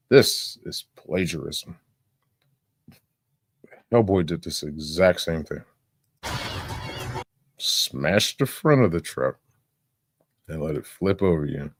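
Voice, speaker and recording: A man's voice: sits low, no room sound. A man rambling casually and profanely through commentary, dropping sound-effect fillers and laughing now and then. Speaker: reaction streamer.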